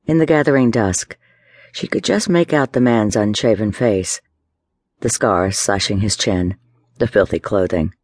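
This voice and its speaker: A man giving a measured, dramatic scripted narration of a story. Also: fairly low pitch, a little mellow, no echo. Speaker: audiobook narrator.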